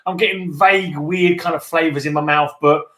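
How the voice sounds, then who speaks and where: A man's voice: fairly high pitch, steady tone, fairly quick, bright, forceful tone, reverberant. A man with a Cockney accent from London, co-hosting a casual beer-tasting chat in a laid-back, jokey way. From London, England. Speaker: podcast co-host.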